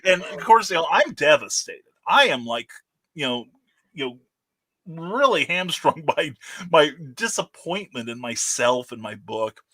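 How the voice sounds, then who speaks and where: Male guest author, higher-pitched, bright voice, animated anecdote-teller with many fillers. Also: unhurried. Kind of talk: casual interview talk.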